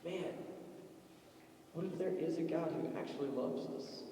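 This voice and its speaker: A young adult man preaching an animated sermon in a church, telling stories and acting out voices with humor. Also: fairly high pitch, a little slow, a little hiss or hum. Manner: animated storytelling with acted-out quotes and jokes. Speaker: pastor. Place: church sanctuary. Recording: echoey hall, voice from far off.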